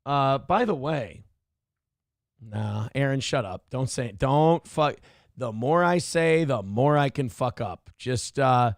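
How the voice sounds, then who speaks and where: A man's voice: medium pitch, sing-song, unhurried, no echo, studio quality. A man hosting a live-streamed talk show who reads out donations in a rambling, profane, self-deprecating way. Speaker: show host.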